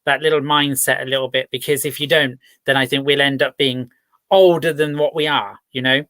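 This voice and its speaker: Brief: male host, 40s, bright tense voice, giggly and chatty, reflective at times. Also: medium pitch, steady tone, fairly quick, no room sound. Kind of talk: casual chat on a live feed.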